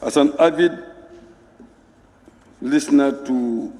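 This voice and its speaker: A man addresses parliament slowly and formally, choosing each word with care. His voice is mellow and dark. The hall carries a long reverb around him. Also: medium pitch. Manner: measured, formal. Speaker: member of parliament. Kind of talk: parliamentary speech. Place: parliament chamber.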